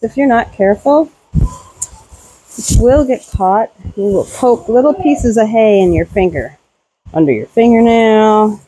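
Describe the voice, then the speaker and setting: A woman's voice: fairly high pitch, lively intonation, a little slow, dark tone, slightly rough, no echo, low-quality recording. A middle-aged woman chatting casually while doing farm chores in a barn, talking to her animals as she works. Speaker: homesteading vlogger.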